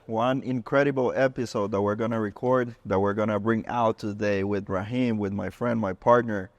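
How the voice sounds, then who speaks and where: Lower-voiced podcast host, friendly banter. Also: male voice, fairly even intonation, moderate pace, hardly any pauses, no room sound, lo-fi sound. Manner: friendly, calls guest "bro", loose phrasing. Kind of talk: casual podcast chat.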